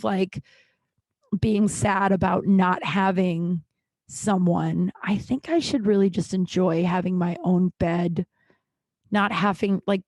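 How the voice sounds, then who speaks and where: A young woman hosts her own podcast in a loose, rambling way, full of fillers and quick laughs. Her voice sits at an ordinary middle pitch. The recording is close and dry, with no room sound. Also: darkish tone, no room sound. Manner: rambling, candid storytelling with frequent laughs and fillers. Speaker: podcast host. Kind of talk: casual solo podcast chat.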